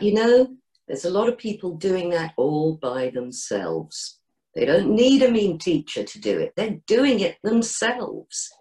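A middle-aged woman, a coach, talking as a podcast guest in a gently encouraging way and acting out inner voices. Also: fairly low pitch. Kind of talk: podcast interview.

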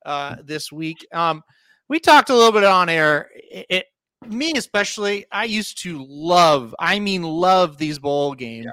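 A man's voice: fairly high pitch, animated, a little slow, sharp tone, clean tone, no room sound. A man hosting a sports betting podcast, running through game picks in a breezy, casual way and asking his co-host for his take. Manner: breezy, leads the picks and asks for co-host's take.

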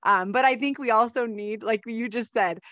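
A middle-aged woman hosts a podcast in a bright, fairly high voice, recorded close and dry. She chats casually with her guest, laughs often and fills her sentences with "like." Her tone stays friendly and lively throughout. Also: normal speed, dry recording. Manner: warm, laughs often, says "like" a lot. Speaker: podcast host. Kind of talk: casual interview chat.

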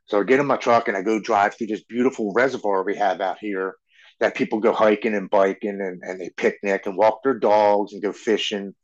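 A man in his forties speaks as a podcast guest, telling his story earnestly and tripping over his words, repeating them as he goes. His voice sits on the low side. The recording sounds dull and lo-fi. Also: fairly even intonation, brisk. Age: 40s. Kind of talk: personal storytelling in an interview.

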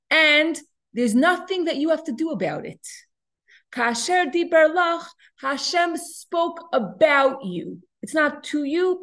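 Woman teaching a Torah lesson. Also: sits high. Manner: explanatory, asks and answers her own questions; frequent restarts and repeated words.

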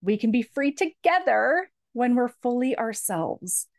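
A woman voicing a bold, commanding young woman from a romance story, speaking firmly and in quick bursts. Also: fairly high pitch, very animated, no echo, clean studio sound, voice pushed up. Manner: firm, lecturing, quick bursts.

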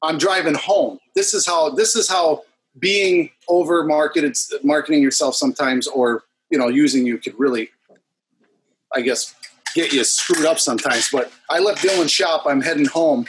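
A man telling a story in a casual chat, animated and profane, acting out both sides of the dialogue. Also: a little high, moderate pace, slight background noise, poor audio. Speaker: business owner guest.

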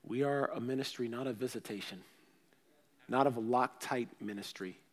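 In a big-room acoustic, a man who pastors a church preaches casually, as if chatting, his mid-range voice alternating between booming bursts and hushed side remarks.

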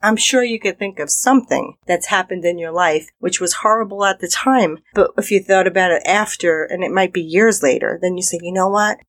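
A woman's voice: lowish voice, brisk, hardly any pauses, dry recording. A woman hosting a self-help podcast, talking straight to the listener in an encouraging, conversational way. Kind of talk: motivational podcast monologue.

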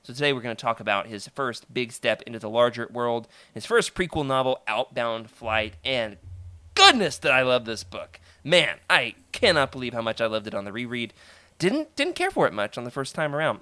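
A man from the American South hosting a casual book-discussion podcast, animated and jokey, laughing often. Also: mid-range voice, fairly quick, dry recording. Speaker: podcast host.

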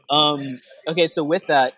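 A young man hosts a casual podcast, telling stories in an animated way and laughing along the way. His voice is on the high side, and the recording is very noisy.

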